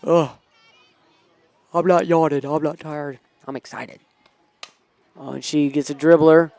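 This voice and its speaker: A man doing casual, excitable play-by-play for a high school softball game, chatty and cheering the batters on. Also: measured pace, pauses often, no room sound. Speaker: play-by-play commentator. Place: small school TV studio booth.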